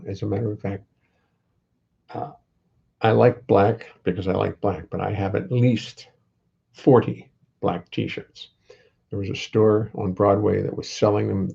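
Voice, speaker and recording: A man's voice: on the low side, creaky, darkish tone, breathy edge, highs cut off. An older man hosting a casual livestream from his home, rambling in a wry way and greeting viewers by name.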